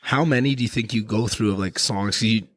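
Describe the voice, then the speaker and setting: A man hosting a podcast, talking in a loose, rambling, animated way and swearing freely. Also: on the low side, fairly quick, no room sound. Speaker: podcast host. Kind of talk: casual podcast chat.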